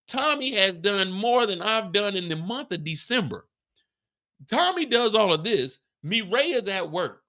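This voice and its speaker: A man hosting a live after-show, recapping a TV episode with animated, profane storytelling. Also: high voice. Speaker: host.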